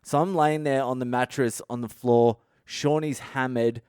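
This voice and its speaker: A man's voice: mid-range voice, fairly even intonation, normal speed, a little mellow, clean tone, dry recording, clean studio sound. Swearing Australian man telling a story. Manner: frank, swears constantly, acts out quoted dialogue. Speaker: comedian podcast host. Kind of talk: personal storytelling monologue.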